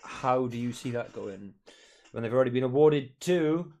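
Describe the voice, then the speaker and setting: A man's voice: medium pitch, lively intonation, normal speed, mellow, a little hiss or hum. Chatty man hosting a football stream. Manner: chatty, swears casually, teases viewers. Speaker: football watch-along streamer. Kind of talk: casual live-stream chat. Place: at home by his television.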